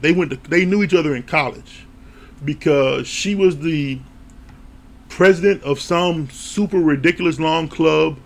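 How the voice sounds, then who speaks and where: A man giving a casual recap of a TV show, animated and laughing often, with casual swearing. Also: a little high. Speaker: TV show reviewer.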